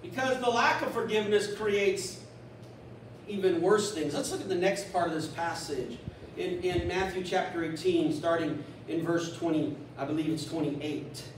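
Male pastor, animated sermon delivery, high-pitched voice, echoey church recorded from a distance. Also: normal speed, slight background noise. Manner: animated, acts out a scripture story in little voices.

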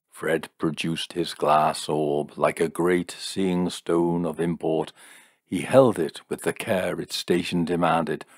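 A man narrating a short story in a measured, deliberate manner. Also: sits low, no room sound, clean studio sound. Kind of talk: audiobook narration.

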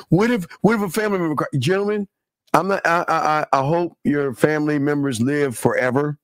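Animated preachy man hosting a talk show. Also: a little high, no room sound, clean studio sound. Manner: animated, preachy, repeats himself. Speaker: podcast host. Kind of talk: casual talk show banter.

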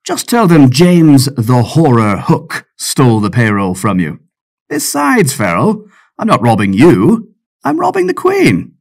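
A man voicing a cocky, boastful young pirate captain in an audiobook, his voice jumping high when excited. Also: a little slow, vocal fry, full character voice. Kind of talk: audiobook character voice.

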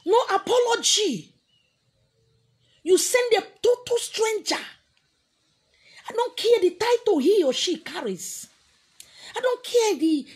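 A woman's voice: high-pitched, darkish tone. A woman with a Nigerian accent, preaching as a spiritual teacher in a scolding, confrontational way. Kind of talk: preaching to an audience.

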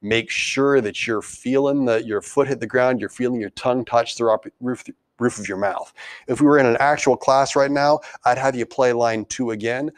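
A man's voice: medium pitch, moderate pace, no room sound. A man teaching a beginning band lesson, patiently explaining and counting beats aloud. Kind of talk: instructional music lesson.

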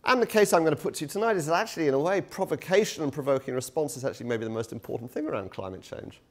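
Speaking very fast in a slightly high, expressive voice, this middle-aged man is a guest lecturer at a public university talk. His delivery is chatty and self-deprecating, full of fillers and false starts, picked up by a sensitive handheld microphone.

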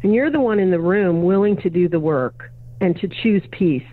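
An educator and consultant appears as a podcast guest, recounting a conversation and voicing each participant herself. Her voice is on the low side, animated, at a moderate pace, and the remote interview sounds narrow and phone-like.

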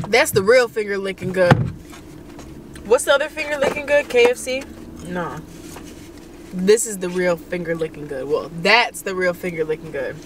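A woman's voice: mid-range voice, background noise. A young woman co-hosting a couple's mukbang vlog, talking bluntly and playfully about food from inside a car. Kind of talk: casual mukbang chat.

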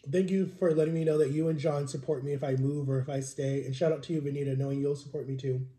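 A man's voice: fairly high pitch, fairly even intonation, fast, dark tone, roomy sound. A young man chatting casually while eating on camera, venting in a rambling, frustrated way while sick with a cold. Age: young adult. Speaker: vlogger. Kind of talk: casual mukbang vlog chat.

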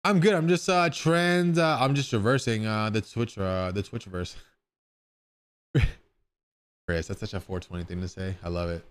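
A man's voice: fairly low pitch, moderate pace, long pauses, clean tone. A man streaming live, chatting casually with his viewers in a rambling way and swearing now and then.

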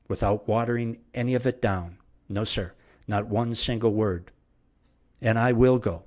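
A middle-aged man teaching the Bible verse by verse in a steady, mid-pitched voice. He preaches with emphatic repetition, pressing each point home. His delivery keeps the rolling cadence of a pulpit sermon.

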